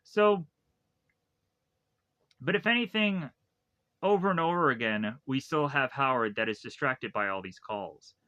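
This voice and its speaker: A man talks through a movie's plot in a loose, rambling review, piling on fillers and restarting his sentences. His voice is bright and forward. The recording is dry, with no room sound. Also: mid-range voice, animated, unhurried, long pauses, smooth, no room sound, lo-fi sound. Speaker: film reviewer. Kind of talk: casual spoken movie recap.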